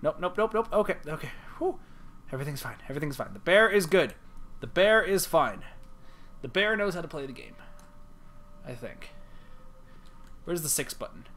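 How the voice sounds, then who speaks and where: A man's voice: fairly high pitch, expressive, normal speed, pauses often, a bit bright. Playful man chatting while gaming. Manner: playful, rambling self-talk. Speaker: streamer. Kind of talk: casual game-stream chat.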